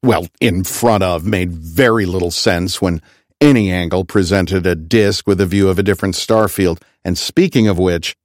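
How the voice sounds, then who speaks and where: A man reading a first-person science fiction audiobook in an even, wry storytelling manner. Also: low voice, normal speed, dry recording, clean studio sound. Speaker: audiobook narrator. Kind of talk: scripted first-person narration.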